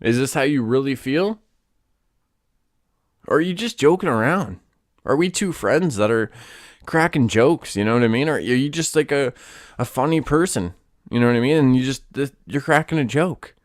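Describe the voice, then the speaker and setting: A man hosting a solo podcast, ranting in a casual, profane and animated way. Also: mid-range voice, moderate pace, no echo, studio quality. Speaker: podcast host.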